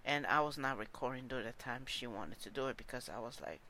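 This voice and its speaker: Brief: male podcast host, casual solo talk, stumbling and frank, bright sound. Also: medium pitch, quick pace, slight background noise. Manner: hesitant, many fillers and restarts; candid and informal.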